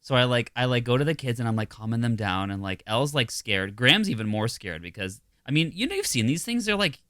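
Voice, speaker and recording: A man co-hosting a comedy podcast, rambling through a story with lots of fillers and little acted-out voices. His middle-pitched voice is lively and moves a lot, with a bright, forceful tone, heard close and dry. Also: quick pace, no room sound. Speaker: podcast co-host. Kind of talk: casual comedic chat.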